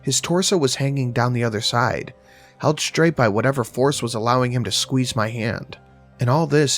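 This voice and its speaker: A man narrating a horror story in a steady, measured way. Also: mid-range voice.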